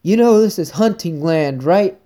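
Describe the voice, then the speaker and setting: A man voicing an angry male hunter who yells from the woods, loud and barking, pitched well above his own voice. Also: animated, a little slow.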